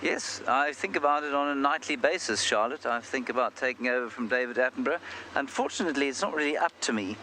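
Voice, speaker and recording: A man's voice: medium pitch, quick pace, pushed and bright, slight background noise. A man hosting a live safari broadcast outdoors, chatting and telling stories with a self-deprecating humor. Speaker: safari guide and live show host. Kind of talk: live safari commentary, casual chat. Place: outdoors in the bush, on a game drive.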